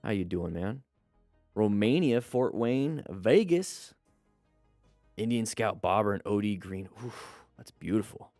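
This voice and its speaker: A man's voice: fairly low pitch, measured pace, darkish tone, no room sound, faint music behind. A man hosting a casual live stream, chatting to viewers and greeting them as he reads their comments. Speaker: live stream host and riding instructor.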